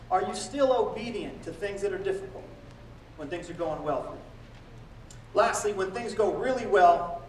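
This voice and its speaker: A man preaching a sermon as pastor, animated and acting out quoted prayers and boasts. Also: high-pitched, echoey room, recorded from a distance, a little hiss or hum, rough recording. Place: church.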